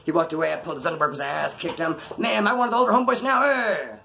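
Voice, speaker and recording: A man's voice: a little high, very fast, vocal fry, sharp tone. A man telling a story from his past in a casual, profane, slang-filled way, acting out the voices of the people in it. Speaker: storyteller talking to camera.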